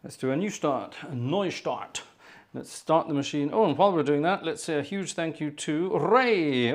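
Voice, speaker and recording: A man's voice: a little high, expressive, moderate pace. A man hosting an organ music livestream, chatting casually and narrating his own troubleshooting with exasperated muttered asides. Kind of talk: casual live-stream chat.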